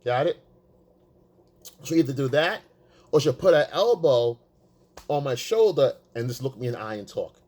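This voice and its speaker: A man giving casual, profane dating advice, emphatic and blunt, acting out quotes in a high voice. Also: animated, normal speed, long pauses, a little mellow. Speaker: dating coach. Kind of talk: casual coaching monologue.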